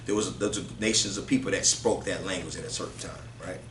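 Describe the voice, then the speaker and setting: A man's voice: sits low, fast, a bit bright, echoey room, slight background noise. A man leading a religious group study, reading passages aloud and explaining them in a loose, conversational way, often checking in with "right?".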